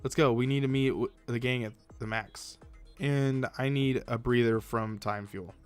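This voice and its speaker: A man's voice: medium pitch, steady tone, normal speed, clean tone, faint music behind. A man hosting a let's-play, reading a story game aloud casually and correcting his slips.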